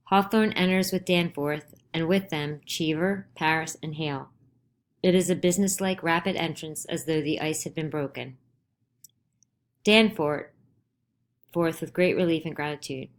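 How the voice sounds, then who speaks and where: A woman reading the stage directions of a play aloud in a plain, measured way. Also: low voice. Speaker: audiobook reader.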